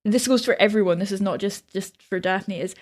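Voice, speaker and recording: Chatty woman podcast host, mid pitch, lively casual chat. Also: a little fast. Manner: chatty and animated.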